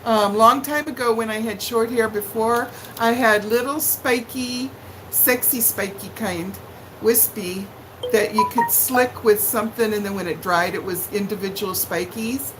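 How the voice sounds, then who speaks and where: Middle-aged woman, home livestream host, slow and chatty, higher voice, faint background hiss. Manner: chatty, greets viewers by name with high sing-song hellos. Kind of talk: casual live-stream chat. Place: living room at home.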